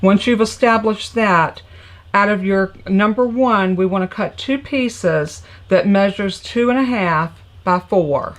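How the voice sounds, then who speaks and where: A woman's voice: mid-range voice, slow. A middle-aged woman with a Southern North Carolina accent, hosting a live crafting session from her home craft room and chatting casually with viewers between steps. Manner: chatty, folksy, talks to viewers as y'all with many ums. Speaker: crafting livestream host. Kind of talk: casual live tutorial chat.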